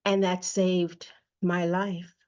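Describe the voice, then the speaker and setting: A woman hosting her own show, telling a personal story slowly and emotionally with emphatic repetition. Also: lowish voice, little pitch movement, a little mellow, muffled recording. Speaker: host. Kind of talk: personal testimony monologue.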